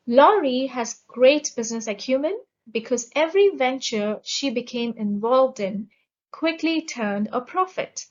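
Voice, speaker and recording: A woman's voice: on the high side, muffled recording. A woman giving a scripted vocabulary lesson, pronouncing each word with care and spelling out stress and meaning. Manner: slow, deliberate, enunciating each word. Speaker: vocabulary teacher.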